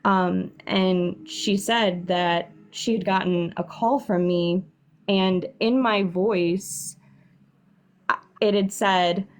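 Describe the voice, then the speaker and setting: A young woman tells her story at an unhurried, halting pace on a live stream. She sounds nervous and hesitant, stumbling through fillers and restarting her sentences. Her pitch sits in a middle range. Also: steady tone. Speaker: caller sharing a paranormal story.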